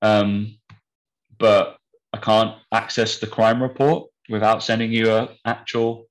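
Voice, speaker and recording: A young man with a lowish voice tells a story in a loose, casual chat. He is blunt and swears freely. His delivery is animated. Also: slow, poor audio. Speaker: podcast co-host.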